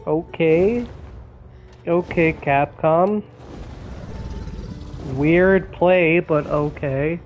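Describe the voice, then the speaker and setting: A young man chatting casually while streaming a game, excitable and swearing a lot, with laughs between his words. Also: fairly high pitch, drawn-out words, long pauses, muffled recording, soft background music. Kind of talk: casual gaming stream chat. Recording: faint background noise.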